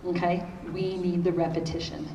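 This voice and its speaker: A woman's voice: on the low side, little pitch movement, normal speed, gravelly, mellow. A middle-aged woman giving a conversational conference talk on parenting, often checking in with her audience by asking "okay?". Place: large conference hall. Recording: echoey hall, distant mic, faint noise.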